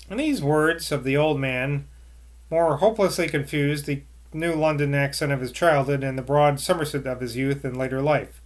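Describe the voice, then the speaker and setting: Man reading aloud, slightly high voice, steady narration, casual asides. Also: normal speed. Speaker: reader.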